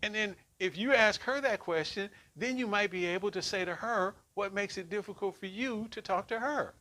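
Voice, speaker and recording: A man's voice: high-pitched, normal speed, pushed and bright. A middle-aged man leading a relationship workshop for a group, talking conversationally and often checking in with "right?". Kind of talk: teaching a group class.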